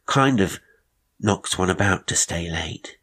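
A man's voice: low voice, animated, slow pace, a bit bright, husky, heavily acted. A man voicing a half-shy, sly teenage boy who confides hints in slangy, polite talk. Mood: confiding.

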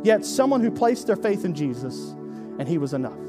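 A male pastor preaching a sermon in a conversational way, with sarcastic asides, swinging from hushed lines to emphatic ones. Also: high-pitched, big pitch swings, brisk, over music.

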